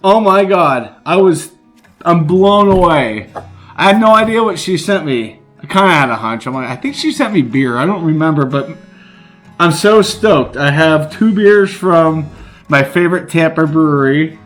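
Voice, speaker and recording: A middle-aged man filming a casual unboxing vlog, exclaiming with excitement as he opens a gift box. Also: on the high side, normal speed, soft background music. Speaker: vlogger.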